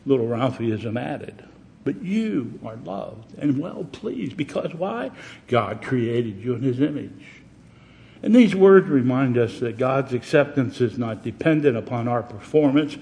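Guy preaching, dark gravelly voice, goes loud then real quiet. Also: medium pitch, animated, a little slow. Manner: preaching with dramatic rises and hushed drops. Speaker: pastor. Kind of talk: sermon.

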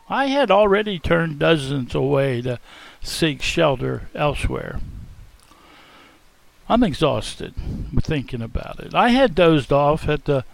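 A man delivers a first-person dramatic monologue with folksy, theatrical storytelling. His voice sits a little high and carries a gravelly edge. The recording is dry and close, with no room sound. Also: dry recording, low-quality recording. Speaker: storyteller in character.

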